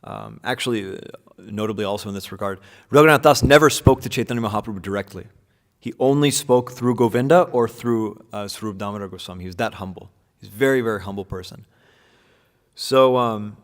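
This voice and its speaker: A man with a lowish voice leads an informal scripture class, speaking casually and often restarting his sentences with ums and uhs. His voice carries a long reverb. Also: brisk. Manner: casual, many fillers and restarts. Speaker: class teacher. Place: room with devotees present.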